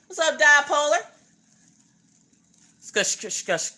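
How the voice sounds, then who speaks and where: A woman's voice: sits high, sing-song, slow, pushed and bright. A woman hosting a casual craft livestream, playfully greeting chat viewers by name and joking with them as she unboxes.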